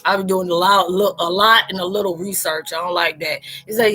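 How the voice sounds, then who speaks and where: A woman hosts a casual live chat, joking and talking straight to her viewers in slangy everyday speech. Her voice is bright and forward. Faint music plays behind her. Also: lowish voice, steady tone, brisk, slightly rough.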